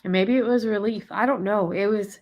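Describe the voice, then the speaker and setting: A woman telling a personal story in casual chat, soft-spoken and hesitant, searching for words. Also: medium pitch, fairly even intonation, a little fast, highs cut off. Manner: soft, hesitant, many fillers and restarts. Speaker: co-host recounting a personal experience.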